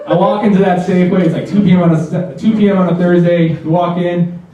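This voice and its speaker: A man with a high-pitched, fairly even voice delivers a quick-paced stand-up set, narrating a story and voicing the people in it. A loud crowd laughs throughout the distant, echoey, dull live recording.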